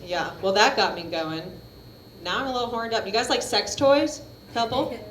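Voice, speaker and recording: A woman's voice: fairly high pitch, moderate pace, background noise. A woman doing a stand-up comedy set, talking in a brash, chatty, profane way and laughing at her own jokes. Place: comedy venue at a coffee shop. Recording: roomy live stage recording with crowd. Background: audience laughter.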